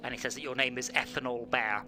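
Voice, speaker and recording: A British man hosting a live sim-racing stream, chatting casually and bursting into loud shouts at other drivers. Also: medium pitch, steady tone, fast, noisy background. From Britain. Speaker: stream host and server admin.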